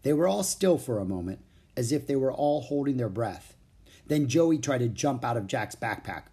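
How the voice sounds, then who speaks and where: An audiobook narrator reading a children's book aloud in an expressive storytelling way. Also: mid-range voice, normal speed, slightly rough.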